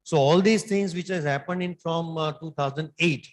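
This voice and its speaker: A man's voice: fairly high pitch, normal speed, low-quality recording. A middle-aged man, a surgeon answering conference questions in an emphatic, lecturing way.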